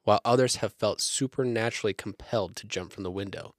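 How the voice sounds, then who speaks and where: A young man talks fast in a fairly low voice as he co-hosts a podcast, reading his research steadily and then breaking into funny voices. It's a dry recording with clean studio sound.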